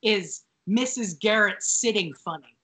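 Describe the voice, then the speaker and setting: A woman's voice: medium pitch, unhurried, sharp tone. A woman co-hosting a podcast, chatting casually and joking dryly, with lots of "like" and "um". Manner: dry joking, fillers like "like" and "um". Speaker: podcast co-host. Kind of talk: casual recap chat.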